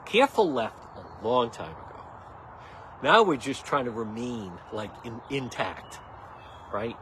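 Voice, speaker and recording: A man's voice: medium pitch, wildly swooping pitch, moderate pace, a bit bright, slight background noise. A man hosting a casual livestream, rambling and joking with an indignant edge. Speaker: livestream host.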